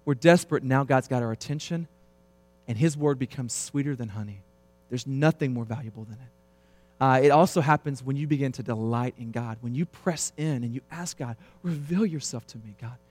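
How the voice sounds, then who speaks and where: A man in his thirties preaching a sermon, swinging between quiet, low stretches and loud, emphatic passages. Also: a little fast, dry recording. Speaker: pastor.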